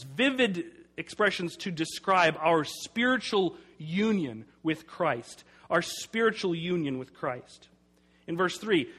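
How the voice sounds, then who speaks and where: A man preaching a sermon as pastor, emphatic and repeating key phrases slowly for weight. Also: sits high, a bit bright.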